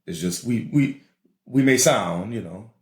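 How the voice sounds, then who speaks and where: Low-voiced New man co-hosting a chat podcast; rambly, restarts a lot; roomy recording. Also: lively intonation, unhurried. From New Orleans. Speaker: podcast co-host. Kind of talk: casual chat. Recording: roomy echo.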